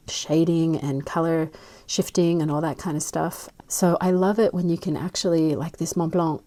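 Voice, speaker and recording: An Australian woman chatting casually and rambling as she swatches inks, with soft murmured asides. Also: lowish voice. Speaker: fountain pen ink vlogger.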